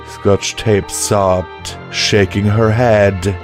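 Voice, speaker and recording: A man narrating a fan fiction audiobook in the first person, emotional and measured. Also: sits low, steady tone. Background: faint music.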